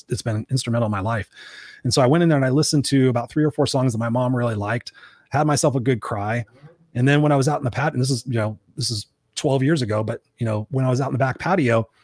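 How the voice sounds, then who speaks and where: Man, podcast host, candid emotional storytelling, rapid delivery, dry close sound. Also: medium pitch, darkish tone, no room sound. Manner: emotional, candid, rambling with restarts. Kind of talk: personal storytelling in casual talk.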